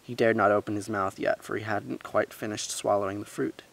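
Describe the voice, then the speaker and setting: A man with a low, gravelly voice reads a story aloud. He reads with life and gives each character a voice of its own. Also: a little fast. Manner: lively reading, voicing characters, with asides.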